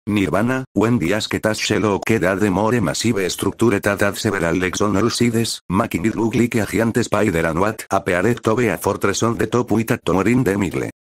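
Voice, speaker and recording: A man narrating a fan-made story in a flat, steady reading. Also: on the low side, a little fast, few pauses, dry recording. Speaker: fan fiction reader.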